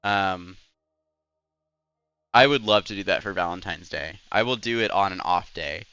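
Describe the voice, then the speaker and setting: A man's voice: low-pitched, a little slow, sharp tone, clean tone, dry recording. Rambling young man streaming on a dull mic. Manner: rambling and chatty, full of "like" and "anyways". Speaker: Twitch streamer. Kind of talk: casual live-stream chat while gaming.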